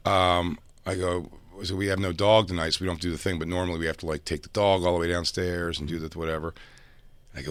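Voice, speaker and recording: A middle-aged man co-hosting a podcast, chatting casually with a wry, teasing manner and quick jokes. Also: low voice, flat delivery, a bit bright, no echo. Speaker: podcast co-host. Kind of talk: casual chat.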